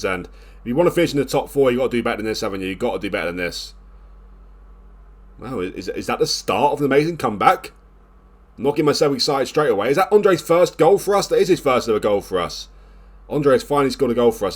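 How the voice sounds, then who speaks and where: Man commentating a football sim. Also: mid-range voice. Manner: exasperated groans, then rising excitement during the comeback. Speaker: gaming video host. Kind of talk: live commentary over a football management game.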